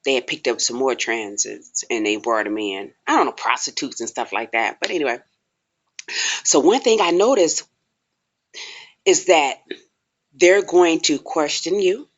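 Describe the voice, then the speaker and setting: A woman's voice: rumbling low, measured pace, long pauses. A young woman casually telling a story to her viewers, exclaiming and laughing often and acting out the voices of others. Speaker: vlogger. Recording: dull lo-fi home recording.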